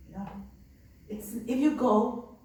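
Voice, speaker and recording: A nun speaks earnestly about her migrant respite center, telling personal stories conversationally with many fillers. Her voice is on the high side, slow and dark in tone, with a little hiss or hum, captured from afar in an echoey room with faint ambience.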